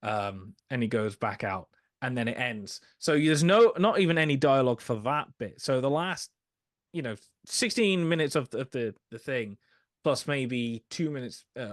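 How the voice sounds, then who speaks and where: A man's voice: medium pitch, expressive, moderate pace, dry recording, studio quality. A man casually talking through an old musical film as a podcast co-host, hesitant, with many fillers and restarts. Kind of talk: casual film review chat.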